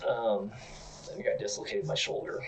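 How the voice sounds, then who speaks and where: A man co-hosting a comedy podcast, telling absurd stories in a rambling, deadpan way. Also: lowish voice, moderate pace, distant mic, a little hiss or hum, poor audio. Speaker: podcast co-host.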